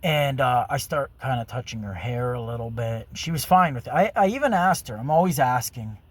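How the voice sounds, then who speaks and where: Male vlogger for a rambling, crude first-person story told at mid pitch. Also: lively intonation, a little fast. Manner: rambling, filler-heavy, crude. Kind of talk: storytelling monologue.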